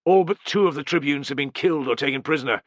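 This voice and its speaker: A man's voice: fast talker, dry recording, lightly acted. A man voicing a grim, shaken Roman centurion. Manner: low urgent delivery. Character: shaken grim male Roman centurion bearing bad news. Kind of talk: audiobook character reading.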